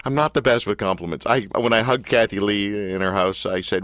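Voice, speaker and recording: A man's voice: on the low side, fairly quick, a bit bright, no echo. A man hosting an interview, joking and self-deprecating with rambling questions. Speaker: interview host. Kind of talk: casual interview chat.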